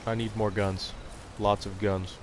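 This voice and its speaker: A man's voice: fairly low pitch, little pitch movement, measured pace, slight background noise. A young man streaming a hunting game, chatting in a rambling, blunt and profane way. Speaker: gaming live streamer. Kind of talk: casual live-stream chat.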